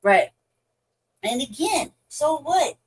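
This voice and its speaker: A woman's voice: high voice, sing-song, slow, poor audio. A woman co-hosting a podcast in casual chat, blunt and swearing freely, often restarting her sentences. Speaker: podcast co-host.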